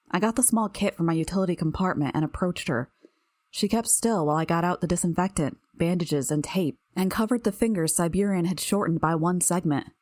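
A woman narrating a first-person audiobook in an even, measured reading. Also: fairly low pitch, no room sound, clean studio sound.

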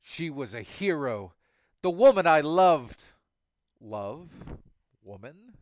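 A man's voice: mid-range voice, expressive, slow pace, no room sound, studio quality. A man voicing a grieving cyborg hero. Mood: anguished.

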